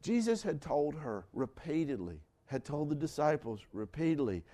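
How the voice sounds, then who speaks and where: Older male pastor, high-pitched and lively, slow deliberate sermon delivery with emphatic repetition. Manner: dramatic shifts from shouting to hushed whispers, with laughs; preaching slowly with emphatic repetition.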